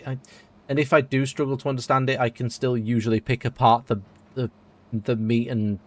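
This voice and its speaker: Chatty British man streaming a game. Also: mid-range voice. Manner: rambling and chatty, answering viewers. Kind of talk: casual live-stream chat while playing.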